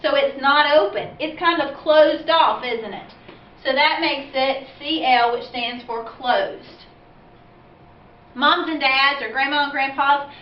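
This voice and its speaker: Woman teacher, high voice, slow patient phonics explainer; recorded at a distance in an echoey room, muffled. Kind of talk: phonics lesson for parents and children. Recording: echoey, dull, distant from the mic.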